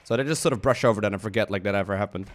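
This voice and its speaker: A man's voice: lowish voice, very fast. A young man from the Netherlands, casually retelling history as a streamer in a playful, slangy way, acting out quotes in goofy voices.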